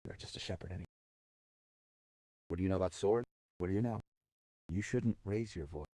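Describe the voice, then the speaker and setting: A proud, scornful young woman, as a male storyteller voices her in a told folk tale. She mocks with cool disdain in a low, mellow voice that he keeps close to his own. The recording is dry and close. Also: a little fast, dry recording. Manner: disdainful, mocking.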